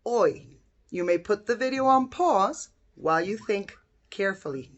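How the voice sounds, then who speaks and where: A woman teacher giving a phonics lesson to young children, sounding out letters slowly and clearly with encouraging praise. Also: mid-range voice, expressive, lo-fi sound, slight background noise.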